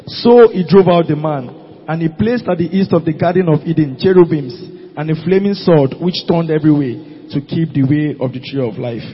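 A man reading scripture aloud during a church service, steady and measured, with an occasional slip. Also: on the high side, slightly rough. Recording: dull, lo-fi recording in a reverberant hall.

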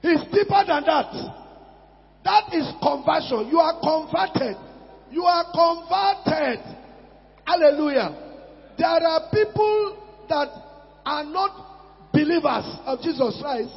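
A man with a strikingly high voice delivers a sermon with strong emphasis, repeating his key words and shifting from loud declarations to quiet asides. The sound is muffled and dull, and his voice trails off into the long echo of a church hall. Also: animated, takes it slowly, creaky, pauses often. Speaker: preacher.

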